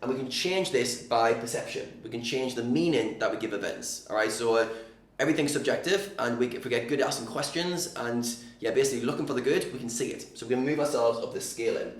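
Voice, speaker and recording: Guy coaching poker mindset, keeps saying all right, mid pitch, echoey room. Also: fast talker. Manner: frequent "all right?" check-ins, energetic and direct. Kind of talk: casual teaching monologue.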